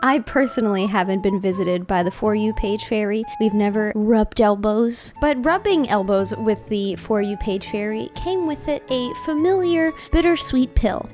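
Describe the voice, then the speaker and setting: A young woman streamer chats in a casual, playful vlog style. Her voice sits high and bounces wildly up and down, climbing even higher whenever she gets worked up, with faint music playing underneath. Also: moderate pace, few pauses. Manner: animated, jokey, voice shifts up when excited. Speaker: streamer and content creator.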